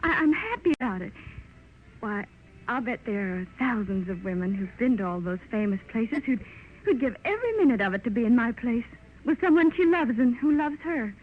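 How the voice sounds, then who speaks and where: An actress in 1930s radio drama playing a young newlywed wife, loving and wistful, with an emotional delivery. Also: female voice, a little high, very animated, fairly quick, slight background noise. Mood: tender. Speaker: lead actress. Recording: tinny 1930s radio broadcast with music.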